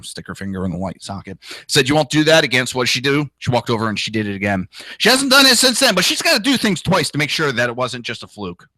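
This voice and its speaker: A man's voice: medium pitch, sharp tone, no echo, poor audio. A man hosting a political talk show, ranting crudely and indignantly, with profanity and mocking impressions of others. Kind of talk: ranting solo commentary.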